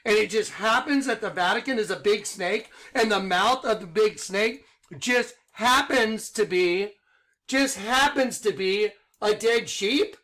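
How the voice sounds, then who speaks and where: A middle-aged man with a high voice preaches into the camera in an excited monologue. He talks insistently, firing rhetorical questions and hammering the same points again and again. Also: a little slow. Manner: insistent, rhetorical, repeats himself. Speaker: online preacher.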